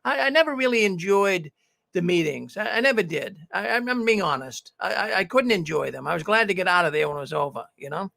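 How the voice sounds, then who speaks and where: A man's voice: high voice, animated, a little fast, gravelly, bright, forceful tone. A man hosting a news show, chatting casually and stammering at the start of his sentences. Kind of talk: casual conversation.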